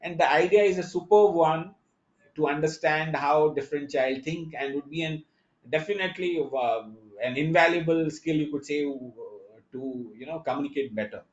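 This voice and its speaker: Man lecturing in an echoey lo-fi room. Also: a little high. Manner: halting, many fillers and restarts; explanatory, addresses the audience directly. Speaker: conference speaker. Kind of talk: online conference lecture. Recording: echoey lo-fi online talk audio.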